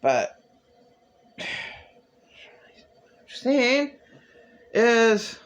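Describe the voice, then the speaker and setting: A man delivering a rambling, agitated religious monologue to camera, bitter and ranting, with sudden leaps in pitch. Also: big pitch swings, drawn-out words. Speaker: vlogger.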